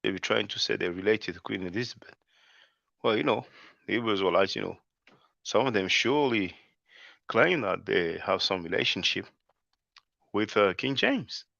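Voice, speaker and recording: Dude rambling casual commentary to his viewers, kinda low voice, dry dull lo-fi audio. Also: animated, normal speed, gravelly, long pauses, pushed and bright, no echo. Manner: loose and conversational, often says "man"; addresses viewers as brothers and sisters. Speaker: channel host.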